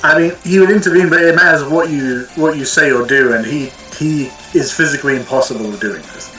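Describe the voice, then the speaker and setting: A player at a tabletop game speaking quickly and casually in a middle pitch. The voice echoes around the room, with faint music underneath. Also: a bit bright.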